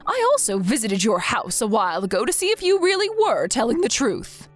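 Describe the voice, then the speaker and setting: A woman reading the messages of a worried, stern grandmother in a text-message story, with soft music behind her. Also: fairly high pitch, big pitch swings, fairly quick. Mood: accusing. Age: older. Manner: firm, scolding.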